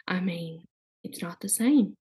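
A young woman guest speaking candidly in casual conversation, halting, with many fillers and restarts. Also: on the low side, lively intonation, warm tone, breathy edge.

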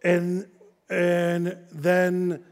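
A middle-aged man preaching a sermon, telling a story with lively acted-out dialogue and frequent restarts. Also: high voice, drawn-out words. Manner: animated, acts out dialogue, many restarts. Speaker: pastor.

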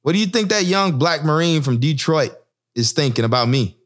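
A former Marine officer, male, speaks at a moderate pace in an impassioned discussion. He is emphatic, his pitch swinging lively, and he often checks in with "right?" and "you know?"

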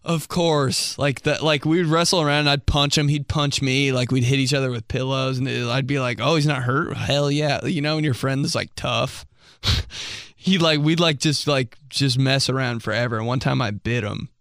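A man's voice: medium pitch, fairly even intonation, moderate pace, fairly bright tone, no room sound, studio quality. A young man hosting a podcast, telling a rambling story in casual chat, full of "like"s, swearing and laughing as he talks. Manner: rambling, many "like"s, laughs often, swears freely. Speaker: podcast host.

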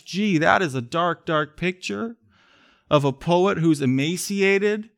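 A man preaching a sermon in church, earnest, swelling to emphatic pleas and then sinking soft. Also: high voice, very animated, a little slow. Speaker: pastor.

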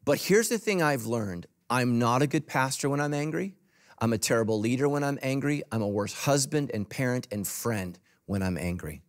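A man preaching a sermon as pastor to a congregation in a church. He talks emphatically, swinging between loud, punchy lines and soft, low asides. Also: lively intonation, normal speed.

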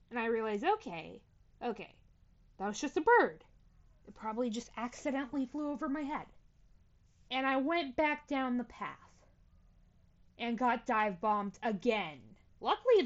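A woman's voice: a little high, lo-fi sound. A young adult woman hosting a podcast, telling a story in a casual, playful, self-mocking way. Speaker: podcast host.

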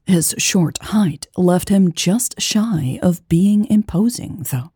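A woman narrates a romance audiobook in a dark, mellow voice with some gravel at the edges. Her reading is slow and even, and the sound is dry and close, with no room around it. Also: lowish voice, no room sound. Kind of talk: scripted narration.

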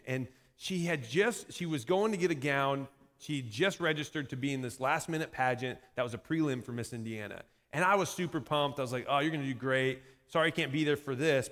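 A pastor telling a personal story in a sermon, animated and self-mocking, laughing often at himself. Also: male voice, mid-range voice. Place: church sanctuary. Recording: echoey hall reverb.

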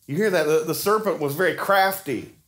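A man's voice: on the high side, a little fast, a bit bright. A man, preaching a sermon to his church in a folksy, conversational way with frequent restarts. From Arkansas. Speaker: pastor. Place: church sanctuary.

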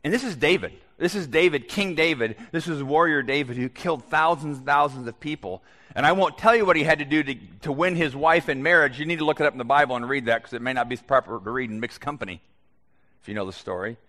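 A man preaching a sermon as pastor in a conversational way that grows animated at times. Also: fairly high pitch, fast. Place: church sanctuary. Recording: long echo of a church hall.

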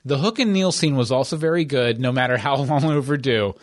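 A man co-hosting a podcast, chatting casually and enthusiastically about TV episodes with quick asides. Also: mid-range voice. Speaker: podcast co-host. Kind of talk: casual chat reviewing TV episodes.

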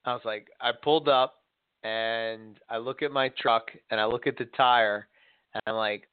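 A man's voice: medium pitch, steady tone, a little slow, clear, resonant tone, no room sound. A man chatting casually, telling a long story with lots of fillers and restarts. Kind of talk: casual chat. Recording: dry, tinny phone-like sound.

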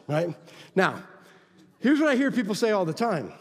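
A man preaching a sermon as pastor, emphatic, swinging from loud exhortation to quiet asides. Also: high-pitched, big pitch swings, normal speed, in a large hall.

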